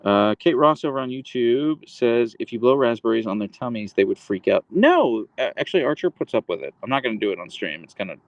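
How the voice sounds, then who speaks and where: A man's voice: mid-range voice, sing-song, brisk, few pauses, no echo, muffled recording. A man hosting a casual livestream, cooing at his dog in baby talk and reading viewer comments aloud while holding the camera. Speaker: livestream host. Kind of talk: casual livestream chat with pet. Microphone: handheld phone camera.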